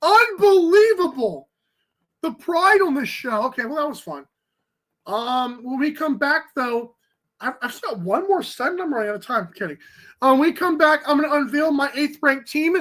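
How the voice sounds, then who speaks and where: Lively bright-voiced man hosting. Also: very high-pitched. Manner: energetic, joking, quick banter. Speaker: talk show host. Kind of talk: casual chat.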